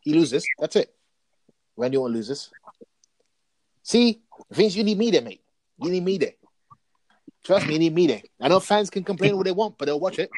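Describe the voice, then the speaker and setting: Excitable man, dry close sound. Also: high voice, normal speed, pauses often, no room sound, poor audio. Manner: animated, excitable storytelling. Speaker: podcast co-host. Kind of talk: casual wrestling chat.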